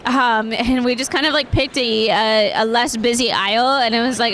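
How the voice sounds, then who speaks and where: Bright high-voiced chatty young woman. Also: steady tone, normal speed, hardly any pauses. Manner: chatty, laughs often, many fillers. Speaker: cosplayer guest. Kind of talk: casual interview answers. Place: convention.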